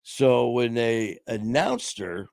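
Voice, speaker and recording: A middle-aged man hosting a casual live-stream chat, his voice going hoarse, talking in a loose, heartfelt way full of "man" and "you know". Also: mid-range voice, very animated, slow, a little mellow, dry recording. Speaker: podcast host.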